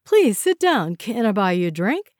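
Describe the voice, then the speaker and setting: A gentle, polite man grows bewildered in a storybook reading, as a woman narrator gives him voice. The sound is dry and close. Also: medium pitch, very animated, moderate pace, dry recording, lightly acted. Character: gentle, confused heavyset man Phil.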